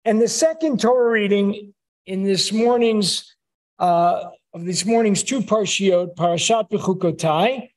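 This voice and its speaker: A man, a rabbi, giving a conversational sermon in a synagogue, telling wry stories. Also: high voice. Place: synagogue sanctuary.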